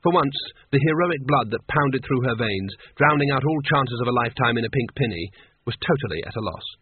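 A man reading a story aloud as narrator in a dry, measured way, with a husky voice. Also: mid-range voice, lively intonation, dry recording. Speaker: audiobook reader. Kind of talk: scripted narration. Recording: tinny phone-like sound, dry.

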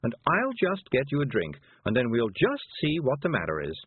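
A man's voice: mid-range voice, normal speed, husky, no room sound, voice pushed up. A man voicing a fussy, kindly middle-aged woman witch who chatters soothingly. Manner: soothing, chattering, leans on calming words. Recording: dry, tinny phone-like sound.

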